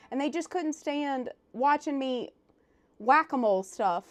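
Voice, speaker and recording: A woman with a high voice talks casually on a live game stream. She tells her stories with animated swings from loud bursts to quiet asides. Soft music runs behind her. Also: unhurried, dry recording.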